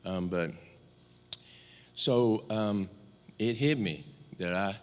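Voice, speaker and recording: Guy from rural georgia doing a eulogy, lowish voice, lots of ums, big echoey church hall. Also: very slow. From rural Georgia, US South. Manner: candid, joking storyteller with many fillers and restarts. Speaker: eulogist, younger brother of the deceased. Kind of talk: eulogy at a memorial service. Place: church sanctuary. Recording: long church-hall reverb.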